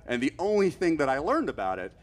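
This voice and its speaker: Storytelling stand-up comedian, rising to frantic. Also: male voice, fairly high pitch, big pitch swings, quick pace. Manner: rambling, gets loud and frantic acting out panic.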